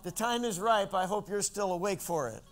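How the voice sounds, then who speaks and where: A man from Central California delivers a sermon in a high, light voice. He swings his pitch and loudness up and down for drama and slows down on the lines he wants to land. He keeps asking his listeners questions. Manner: addresses listeners directly with questions. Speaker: pastor.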